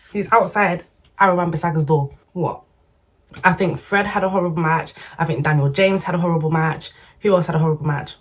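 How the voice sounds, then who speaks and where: A woman, talking football to her camera in a lively, slangy, opinionated way. Her voice sits a little low for a woman, and her delivery is casual and animated. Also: slightly rough. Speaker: football vlogger.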